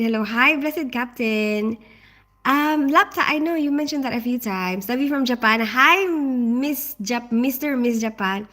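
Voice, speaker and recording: A woman's voice: on the high side, a bit bright. A middle-aged woman from the Philippines, hosting a casual livestream from her kitchen and greeting viewers by name as she chats. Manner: chatty, reads out viewer comments and greets them by name. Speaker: livestream host. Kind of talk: casual live chat. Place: home kitchen.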